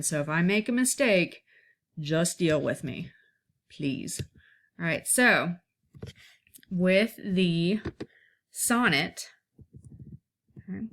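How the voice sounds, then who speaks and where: A woman's voice: lowish voice, fairly bright tone. A woman teaching an informal one-take lesson, explaining step by step and checking in often to see that her listeners follow.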